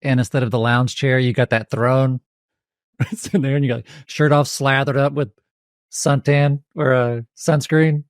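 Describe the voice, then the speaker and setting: A man's voice: medium pitch, fairly even intonation, unhurried, no room sound, clean studio sound. A man hosting a podcast, chatting casually and joking with his guests. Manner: joking, playful. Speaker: podcast host.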